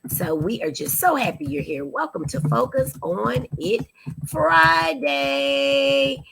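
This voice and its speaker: A woman hosting a live-stream talk show from a studio, animated and chatty as she greets viewers by name. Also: high-pitched, takes it slowly, creaky, background noise. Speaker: host.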